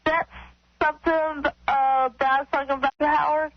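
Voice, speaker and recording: A woman on a radio show doing a mock phone-sex bit, talking in halting, repetitive, simple phrases. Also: sits high, level tone. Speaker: show regular. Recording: muffled radio broadcast audio.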